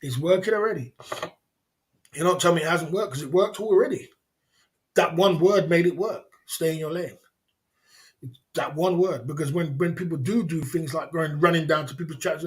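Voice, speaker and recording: A man's voice: a little high, a little fast. A man hosting a livestream, lecturing his chat in a repetitive, emphatic way and chuckling between points. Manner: repetitive, emphatic, chuckling between points, keeps asking "you know what I mean". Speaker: livestream host. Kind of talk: casual livestream rant.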